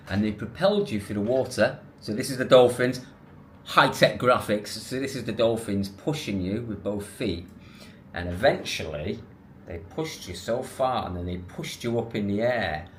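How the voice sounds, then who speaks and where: Low-voiced man telling a story. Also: moderate pace, slight background noise. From England. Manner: animated, rambling with restarts and self-corrections. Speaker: vlogger. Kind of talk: casual storytelling to camera.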